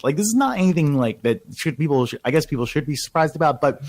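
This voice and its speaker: A man's voice: a little high, lively intonation, fast talker, darkish tone, no echo. A man talking casually about state politics as a reporter guest, emphatic and full of fillers. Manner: filler-heavy, emphatic, gossipy.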